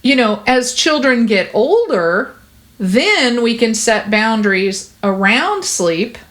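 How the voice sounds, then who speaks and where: A woman's voice: on the high side, lively intonation, slow, a bit bright. A woman hosting a podcast, explaining child development in a chatty, earnest and reassuring way, filling her talk with "like" and "you know.". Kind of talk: casual podcast conversation.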